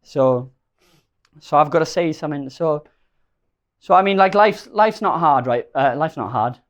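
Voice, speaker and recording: A man's voice: on the high side, animated, moderate pace, lo-fi sound. A young man giving a best man speech at a wedding reception, rambling, emotional and laughing at himself.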